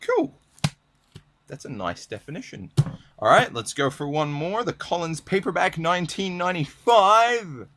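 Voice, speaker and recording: A man's voice: on the high side, very animated, normal speed, fairly bright tone, slight background noise. A young man ranting casually to camera, profane and sardonic, reading definitions aloud from old dictionaries. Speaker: vlogger.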